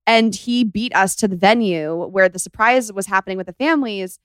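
A podcast host with a mid-range, slightly bright voice chats casually, gushing as she tells a story at a moderate pace with few pauses. Her tone is clear and resonant, recorded in studio quality with no echo.

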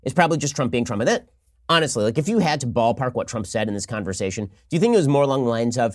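A man delivering fast, sarcastic political commentary from a close studio mic, sometimes acting out mock phone calls. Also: medium pitch, expressive, no echo. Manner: rapid-fire, sarcastic, acts out mock dialogues.

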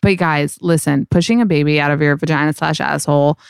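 A woman's voice: low-pitched, a little fast, gravelly, clean tone, no echo, clean studio sound. A young woman hosting a podcast, telling a story in casual chat, candid and profane with lots of fillers. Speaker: podcast host.

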